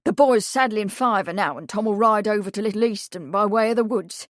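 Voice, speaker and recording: A woman voicing a gruff, shaggy-headed male stable hand who talks in a rustic country dialect, in an audiobook. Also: mid-range voice, fairly quick, no echo, studio quality, natural voice. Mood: gruff, respectful.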